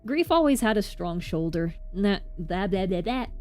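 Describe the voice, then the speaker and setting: A woman's voice: medium pitch, expressive, measured pace, a little mellow, faint music behind, natural voice. A woman voicing a surly male thug from a game who distrusts outsiders and speaks bluntly. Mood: grudging.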